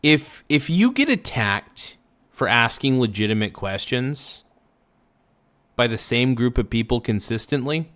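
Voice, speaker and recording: A man's voice: medium pitch, very animated, a little slow, fairly bright tone. A man hosting a casual reaction livestream, rambling loosely and swearing freely. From Oregon.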